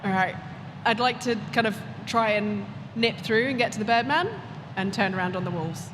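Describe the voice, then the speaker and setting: A woman's voice: mid-range voice, normal speed. A woman playing a tabletop game live on stage, describing her moves playfully with giggles. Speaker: player. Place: large convention hall. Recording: live hall reverb with crowd noise.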